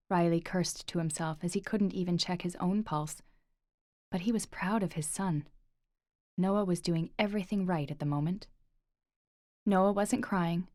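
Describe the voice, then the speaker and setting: A woman narrating an audiobook with steady, measured delivery. Her voice sits on the low side and the recording is dry and close, with no room sound. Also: dry recording. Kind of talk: scripted narration.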